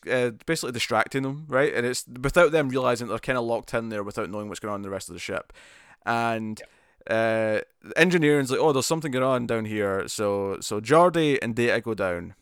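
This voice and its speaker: A man's voice: mid-range voice, clear, resonant tone, no echo, clean studio sound. A man co-hosting a casual podcast, recapping a TV episode with frequent laughs and restarts. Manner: laughing often, rambling with restarts. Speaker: podcast co-host. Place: home room with a cat.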